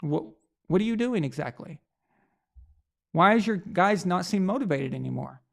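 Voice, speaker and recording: A sports show host rants about coaching in a blunt, profane way. His voice sits a little high and carries a gravelly fry. He keeps hammering the same point with angry rhetorical questions. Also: lively intonation, normal speed. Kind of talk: opinionated sports commentary rant.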